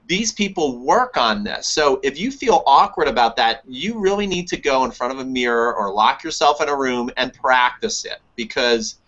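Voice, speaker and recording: A man with a bright, forward voice speaks emphatically as a tennis coach, leaning on repeated words to stress his points. He is heard through muffled, lo-fi webinar audio. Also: medium pitch, expressive, moderate pace, few pauses. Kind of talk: casual webinar discussion.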